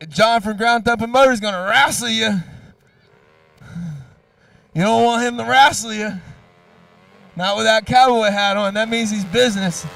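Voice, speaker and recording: A man doing loud, teasing live commentary at an outdoor racetrack. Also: sits high, steady tone, normal speed, vocal fry, pauses often, dry recording, recorded from a distance. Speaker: track announcer. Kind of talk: live trackside hype commentary.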